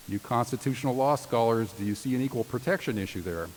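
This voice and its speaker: Talking fast with hardly any pauses, a medium-pitched male announcer reads graduates' tributes in a large commencement hall. He's formal but playful in his asides, and the audio is reverberant with faint hiss.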